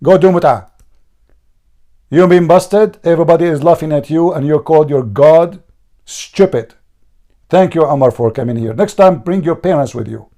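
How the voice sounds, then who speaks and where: Man, high pitch, hoarse, debate host, insistent, mocking, repeats his questions. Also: moderate pace, dark tone. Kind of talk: heated online debate.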